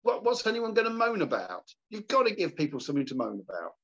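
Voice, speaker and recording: A British man co-hosting a podcast, chatting casually in an animated, incredulous way. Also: sits high, fast talker, slightly rough. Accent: British English. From Britain. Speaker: podcast co-host. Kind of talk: casual chat. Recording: dull lo-fi sound.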